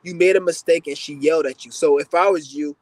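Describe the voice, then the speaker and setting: A young man with a slightly high voice rants bluntly through a casual livestream chat. He tells rambling, profane stories and stumbles over his words as he restarts. The sound is dry and close, with no room echo. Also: steady tone, fast talker, darkish tone. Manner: stammering restarts. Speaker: livestream host answering questions.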